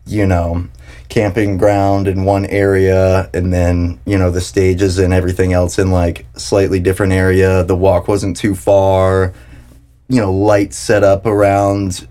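A young man from South Carolina chatting easily on a podcast. His voice sits low and sounds mellow and relaxed. He rambles along with plenty of "dude" and "like.". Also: a little slow. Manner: laid-back, rambling, heavy on "dude" and "like". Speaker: podcast host. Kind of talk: casual chat.

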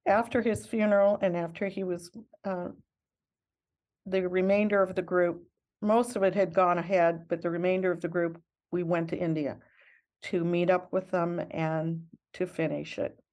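A woman's voice: fairly low pitch, steady tone, normal speed, darkish tone. An older woman, a missionary guest in an interview, telling her story in an earnest, reflective and heartfelt way.

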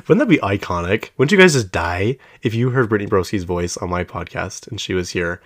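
A man's voice: fairly low pitch, lively intonation, moderate pace. A man hosting his own podcast from home, chatting casually and rambling off topic with lots of fillers. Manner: chatty storyteller who laughs often. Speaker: podcast host. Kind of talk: casual solo podcast chat.

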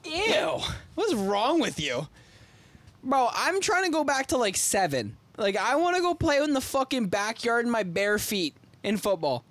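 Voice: mid-range voice, big pitch swings, normal speed, hardly any pauses, a bit bright, no echo. A young adult co-hosting a casual podcast, playful and teasing, swearing casually. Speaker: podcast co-host.

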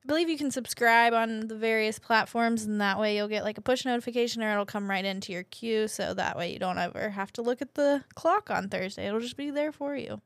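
A woman's voice: on the high side, a little fast, hardly any pauses, slight background noise. A woman co-hosting a movie podcast, chatting playfully and laughing often. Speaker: podcast co-host. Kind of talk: casual chat.

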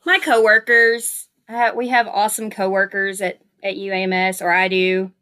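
A woman's voice: medium pitch, little pitch movement, normal speed, pushed and bright. Southern woman nurse, mid-range voice, chatty and upbeat, interview guest. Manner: chatty, upbeat storyteller with many fillers. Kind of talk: casual interview conversation.

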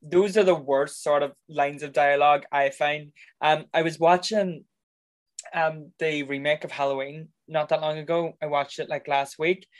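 Guy with a slightly high voice ranting about a movie, swears a lot. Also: steady tone, moderate pace. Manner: blunt, sweary, exasperated ranting. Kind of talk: casual film review chat.

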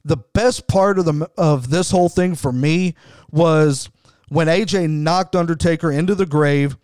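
A man's voice: on the high side, a little slow, a little mellow, smooth, no room sound, studio quality. A middle-aged man hosting a wrestling show, giving enthusiastic, conversational commentary with frequent restarts. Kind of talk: podcast commentary.

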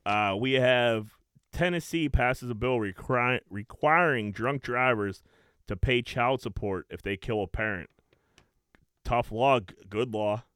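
A young man hosting a casual chat, telling stories in an animated way and swearing a lot. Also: medium pitch, unhurried, smooth, no echo, clean studio sound. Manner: animated storytelling, heavy swearing and "dude".

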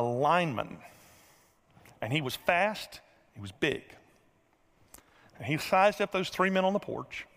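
A middle-aged man preaching a sermon, telling a folksy story and acting out the scenes with lively energy. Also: fairly high pitch. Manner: folksy, animated storyteller who acts out scenes. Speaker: pastor. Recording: reverberant large hall.

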